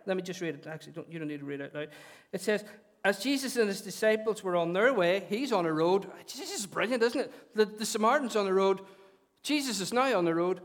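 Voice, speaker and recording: Animated Northern Irish preacher, high voice. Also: male voice. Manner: conversational, animated, repeats phrases. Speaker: pastor. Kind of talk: sermon. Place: church.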